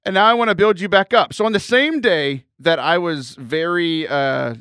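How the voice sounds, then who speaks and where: A man hosts a podcast, bantering and laughing easily with his guest. His voice sits a little high. The sound is dry and close. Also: normal speed, sharp tone, clean tone, no echo. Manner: joking, laughs often. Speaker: podcast host. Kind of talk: casual chat.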